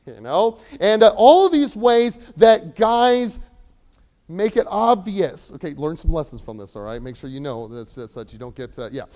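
A young man preaching a sermon, animated, swinging between loud emphasis and quiet asides. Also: fairly high pitch, moderate pace. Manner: acts out voices of characters in the sermon.

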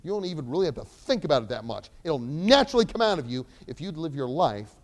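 Young guy preaching, high voice, gets loud then drops quiet, acts out little voices. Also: fast talker. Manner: animated, swings between loud emphasis and quiet asides; acts out voices of characters in the sermon. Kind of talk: sermon.

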